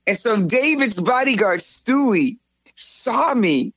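A woman's voice: fairly high pitch, slow, husky, no room sound. Older woman telling a rambling story. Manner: rambling, animated, with frequent restarts and laughs. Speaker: guest. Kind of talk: storytelling in a conversational interview. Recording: slightly dull, dry sound.

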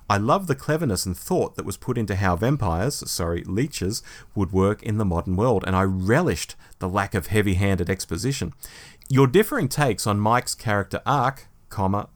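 Low-voiced man reading emails. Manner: lively, animated email reading. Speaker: podcast co-host. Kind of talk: casual podcast chat, reading listener emails.

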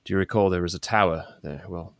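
A grave, formal adventurer, played by a man in a tabletop game, lays things out in a deep, low voice. He speaks solemnly and plainly. The sound is dry, with no room around it. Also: fairly even intonation, quick pace, creaky, no echo. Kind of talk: tabletop role-play in character.

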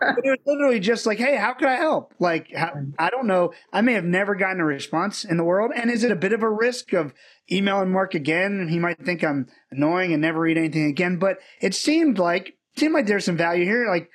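A man telling stories as a guest on an interview show, acting out the people he quotes. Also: high voice. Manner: fast, animated storyteller who acts out quotes. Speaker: podcast guest. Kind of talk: casual storytelling interview.

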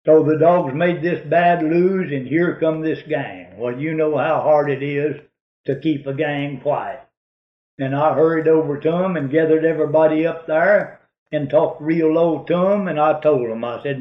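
A man's voice: fairly high pitch, moderate pace, echoey room, dull audio. A man telling a rambling, folksy hunting story in a drawling way.

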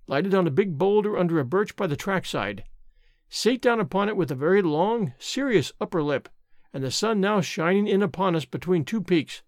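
A man narrating an audiobook in a measured, formal storytelling manner. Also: high voice, no room sound, clean studio sound.

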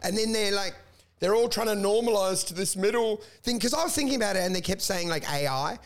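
A man, co-hosting a casual comedic chat and ranting in a profane, animated way. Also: high-pitched, quick pace.

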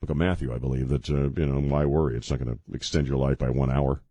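A man's voice: extremely low pitch, fairly even intonation, quick pace, dark tone, dry recording. A man hosting a talk radio show, rambling casually and joking at his own expense, then turning earnest about faith. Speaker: radio host. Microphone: studio mic with headphones.

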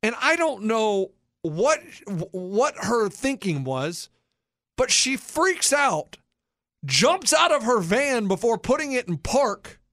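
A podcast host in his thirties, whose voice is notably high, tells a childhood story with plenty of energy, slipping into the voices of the people involved. He takes it slowly in casual chat, and the sound is close and dry with no room around it.

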